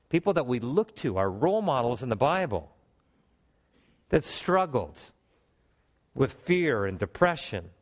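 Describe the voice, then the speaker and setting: A man preaching a sermon to a congregation, animated, with emphatic rises and calls for response in a church. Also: mid-range voice. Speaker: pastor.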